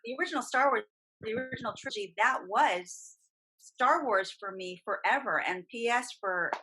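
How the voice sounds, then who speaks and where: A woman's voice: on the high side, moderate pace, breathy edge, low-quality recording. A middle-aged woman, a guest voice actress and coach, talking animatedly and emphatically in a casual podcast chat. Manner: animated, emphatic, talks at length.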